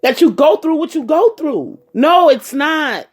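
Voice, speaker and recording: A woman's voice: high voice, very animated, unhurried. A woman giving a heartfelt personal talk, speaking directly to her listeners and repeating her points with emphasis. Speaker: personal storyteller addressing viewers.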